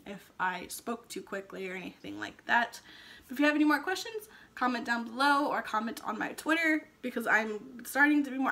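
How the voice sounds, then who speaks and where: A young new mother talks to her camera in a casual vlog, recounting her delivery with lots of ums. Her voice sits a little high and rings bright and clear. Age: young adult. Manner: chatty, emotional retelling with frequent ums.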